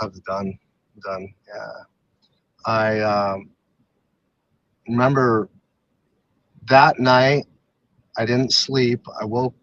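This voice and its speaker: Open, halting man telling his story. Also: fairly low pitch, a bit bright, no room sound, lo-fi sound. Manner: halting, open, many fillers and restarts. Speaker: podcast guest, retired MMA fighter. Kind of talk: candid personal storytelling.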